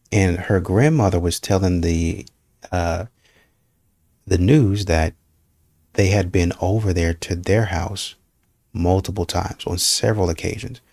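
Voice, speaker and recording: A man's voice: low voice, a little mellow, no room sound, clean studio sound. A man hosting a reaction channel, commenting casually on a clip and scolding the person in it. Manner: shocked, scolding, laughs in disbelief.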